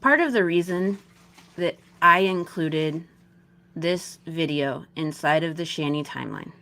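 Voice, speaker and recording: A woman's voice: low voice, unhurried, sharp tone. A woman hosting a commentary show, adding dry, sarcastic remarks over video clips. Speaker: commentary host.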